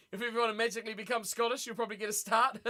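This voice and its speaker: A man hosting a live watch party stream, reacting excitedly to a rugby match and chatting with viewers. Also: sits high. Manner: excitable, chatty, reads viewer messages aloud.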